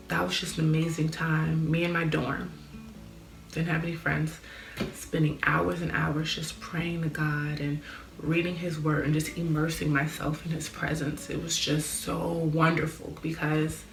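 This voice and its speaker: A woman's voice: sits low, level tone, unhurried, vocal fry, echoey room, faint music behind. A young woman sharing a personal faith testimony in a candid, earnest way, with lots of "like". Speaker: vlogger.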